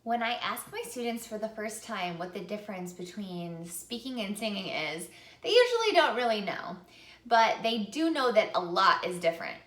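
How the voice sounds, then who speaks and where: A woman's voice: mid-range voice, very animated, moderate pace, a bit bright, roomy sound. A woman singing teacher giving an upbeat vocal lesson to camera, speaking and then singing short example phrases.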